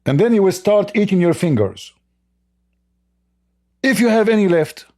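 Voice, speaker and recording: A man's voice: high voice, animated, normal speed, warm tone. Mocking, combative man hosting a call-in debate. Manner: mocking, combative, laughs at callers. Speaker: host of a call-in debate stream. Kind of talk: live call-in religious debate.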